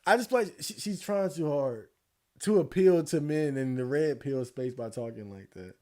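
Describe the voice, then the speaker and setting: A man streaming casual commentary, laid-back and slangy, swearing freely and laughing often, a little hoarse. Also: a little high, moderate pace, darkish tone. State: losing his voice. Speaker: streamer reacting to election night.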